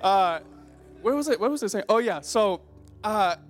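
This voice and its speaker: A young male pastor in his twenties gives a lively, loud sermon, cracking jokes and calling out to the congregation. His voice sits high. A faint guitar plays behind him in the church. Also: moderate pace. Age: 20s. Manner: loud, joking, calls out to the crowd. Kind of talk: energetic sermon. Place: church hall.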